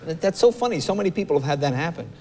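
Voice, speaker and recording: A man hosting a talk show, joking and stammering through quick restarts. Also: fairly high pitch, lively intonation. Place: television studio. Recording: studio with audience crowd.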